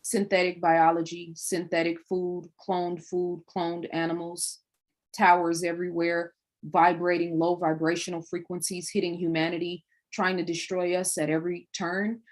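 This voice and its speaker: A woman with a fairly low voice hosts a livestream, speaking straight to her viewers. She preaches in long runs of rhetorical questions. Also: level tone, normal speed. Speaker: livestream host.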